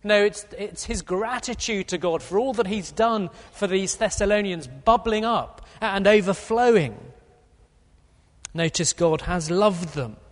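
A man's voice: high voice, expressive, a little slow. A man preaching an earnest expository sermon, with a few fillers. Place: church. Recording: long hall reverb.

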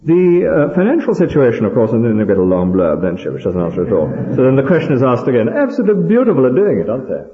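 A man's voice: medium pitch, very animated, fast talker, hardly any pauses. Older male preacher, conversational sermon, tag questions; dull lo-fi hall recording with long reverb.

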